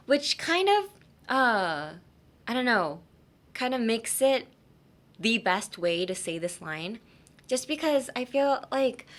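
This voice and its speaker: A woman's voice: medium pitch, a bit bright. A woman hosting a casual podcast that teaches English. She talks in a chatty, playful way, laughs often and uses many fillers. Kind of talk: casual language-lesson podcast.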